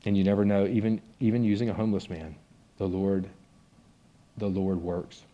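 A man's voice: sits low, fairly even intonation, moderate pace, muffled recording. A man preaching a conversational sermon and reading a story aloud from a book with expression. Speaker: pastor.

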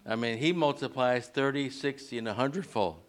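A man preaching a sermon in a church, leading the congregation in call-and-response and pushing his pitch up sharply on key words. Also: moderate pace. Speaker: pastor.

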